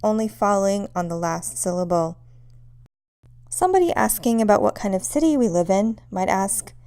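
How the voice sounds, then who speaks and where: A young adult woman teaching a language lesson, speaking in a clear, measured way and saying example sentences slowly. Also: mid-range voice, expressive, dark tone, no echo, clean studio sound. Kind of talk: scripted lesson narration.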